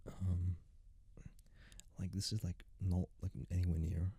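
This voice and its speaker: A young man rambles in a soft-spoken ASMR style, very close to the microphone. His low voice is gravelly, heavily husky and very dark. He keeps stringing loose thoughts together with "like". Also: level tone, a little slow. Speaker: ASMR creator.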